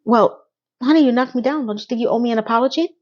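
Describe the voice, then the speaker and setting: A woman's voice: fairly high pitch, fast talker, a little mellow, dull audio, voice pushed up, lightly acted. A woman voicing an aggrieved middle-aged husband who talks in an insistent, wounded way.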